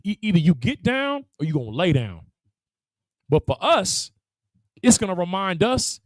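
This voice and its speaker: Casual: high-pitched guy preaching, super lively, jumps all over, dry sound. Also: no echo, low-quality recording. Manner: animated, laughing, acting out voices. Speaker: religious teacher.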